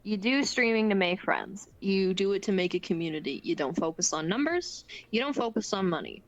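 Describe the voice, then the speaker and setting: A woman's voice: mid-range voice, lively intonation, fairly quick, dull audio. A young Canadian woman as a guest on a streamed interview, chatting in an upbeat, earnest way and laughing often. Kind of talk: casual chat.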